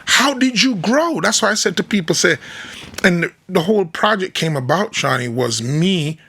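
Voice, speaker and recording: A man with a Jamaican accent, a musician guest telling stories in a casual interview chat, animated and raspy. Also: fairly high pitch, normal speed. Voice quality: raspy, gravelly. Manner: animated storyteller, mimics people he quotes.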